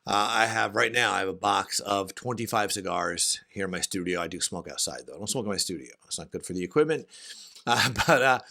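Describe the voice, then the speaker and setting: A middle-aged man speaks in a hoarse, somewhat low voice from his home studio. He chats casually about a fragrance, often restarting and repeating himself as he goes. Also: bright, forceful tone. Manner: chatty, with frequent restarts and repetitions. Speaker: fragrance reviewer. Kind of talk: casual review chat.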